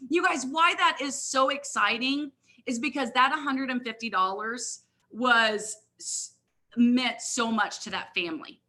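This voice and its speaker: A middle-aged woman giving a motivational talk at a live company event, energetic and constantly addressing the audience as "you guys.". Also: a little high, a little slow. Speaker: guest speaker, network marketing leader.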